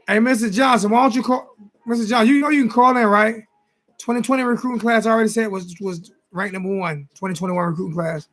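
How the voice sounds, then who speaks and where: A man's voice: sits high, steady tone, quick pace, a bit bright. A man in his forties hosting a casual late-night sports talk livestream, tired, rambling and repeating himself as he talks straight to his chat. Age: 40s. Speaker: sports talk show host.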